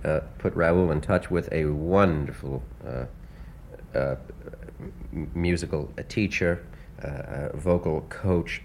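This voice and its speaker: A man, a composer being interviewed, speaking earnestly in a hesitant way with many pauses and restarts. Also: low-pitched, a little hiss or hum. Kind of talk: casual interview talk.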